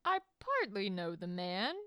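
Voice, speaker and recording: A woman reading a scheming male king's lines aloud from a play, slow and deliberate. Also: medium pitch, huge pitch swings, pushed and bright, smooth, no room sound, studio quality, full character voice. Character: scheming male king plotting murders.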